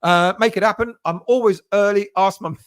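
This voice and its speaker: A man's voice: sits high, fairly quick, a bit bright, clean tone, no room sound, studio quality. A man hosting a fan live stream, chatting casually and greeting viewers by name between fillers. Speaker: fan channel host. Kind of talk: live stream chat reading viewer comments.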